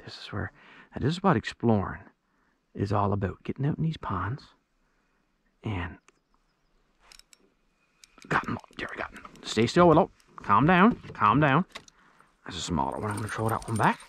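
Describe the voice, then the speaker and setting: A man on a pond in a kayak, giving casual running commentary while fishing and calling excitedly to his dog and his viewers. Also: fairly low pitch, normal speed, vocal fry, breathy edge. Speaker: outdoors vlogger.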